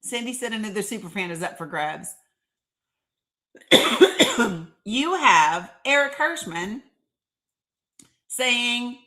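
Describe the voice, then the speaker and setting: A woman hosting a casual live stream, chatting, reading viewer comments aloud and often laughing and clearing her throat. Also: on the high side, expressive, slow pace, pauses often, bright, forceful tone. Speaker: livestream host.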